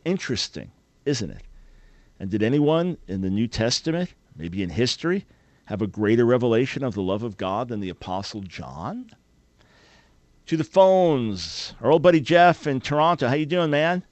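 Male call-in radio host, emphatic and earnest, mid-pitched voice, dry studio sound. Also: lively intonation, moderate pace, dry recording. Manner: emphatic, earnest preacher-like delivery. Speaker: radio talk show host.

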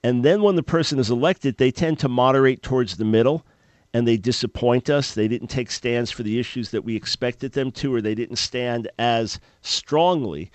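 Measured man hosting a call-in show. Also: mid-range voice, no echo. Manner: earnest, measured, thinking aloud. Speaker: radio talk show host. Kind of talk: call-in radio talk.

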